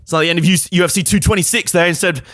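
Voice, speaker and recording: A man's voice: high-pitched, steady tone, racing, a bit bright, no echo. A man hosting a let's play, commenting on a wrestling game in a jokey, sarcastic way. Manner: jokey, sarcastic, chuckling often.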